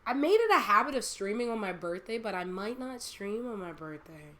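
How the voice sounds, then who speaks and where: A woman's voice: mid-range voice, very animated, a little fast, a bit bright. A young woman hosting a casual podcast chat, rambling and laughing often. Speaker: streamer and podcast host.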